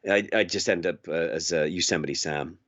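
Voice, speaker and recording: A man's voice: low-pitched, moderate pace, a bit bright, dry recording. A male voice actor chatting as a guest in a casual conversation, rambling and self-deprecating. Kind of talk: casual chat. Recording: slightly dull, lo-fi audio.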